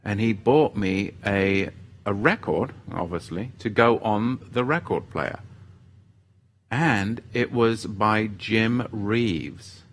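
Slow-paced and fairly low in pitch, a man hosts a faith-themed livestream. His manner is casual and self-deprecating as he reads viewer comments aloud, and he tends to drift off mid-sentence.

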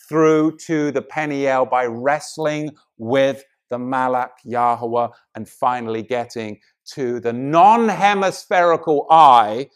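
Preaching a sermon, a middle-aged man shifts from loud emphasis to quiet, intimate moments, his voice sitting on the high side.

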